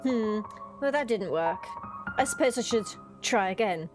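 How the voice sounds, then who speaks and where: A woman's voice: medium pitch, animated, measured pace, close to an everyday voice. Woman putting on a prim, dazed young Alice. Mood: puzzled. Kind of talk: reading game dialogue aloud in a character voice. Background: game music.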